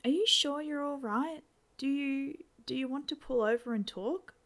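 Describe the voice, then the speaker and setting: Woman reader playing a shy, stammering teen boy, slightly gravelly voice. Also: high-pitched, normal speed, fairly bright tone, pitched above the performer's own voice. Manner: stammering, nervous. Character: nervous, awkward teenage boy.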